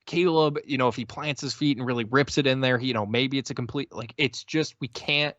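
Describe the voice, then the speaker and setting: A man's voice: mid-range voice, brisk, fairly bright tone, no echo, highs cut off. A man co-hosting a casual sports podcast, talking in exasperated rants full of stammering restarts. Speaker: podcast co-host.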